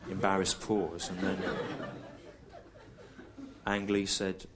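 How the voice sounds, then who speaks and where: A male stand-up comedian telling a long story in a deadpan, slow, repetitive way, over audience laughter. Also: deep voice, noisy background.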